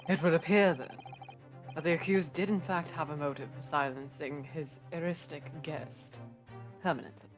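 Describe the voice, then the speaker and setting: A cold, formal aristocratic prosecutor, as a woman reads him in a low voice, slow and measured. Clear music sits under the lines. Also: steady tone, natural voice. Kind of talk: casual script read-through of a game. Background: background music.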